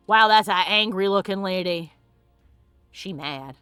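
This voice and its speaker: A woman hosting a let's play, reading in-game text aloud in casual, giggly and animated commentary, with free swearing. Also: on the low side, slow, dry recording, soft background music.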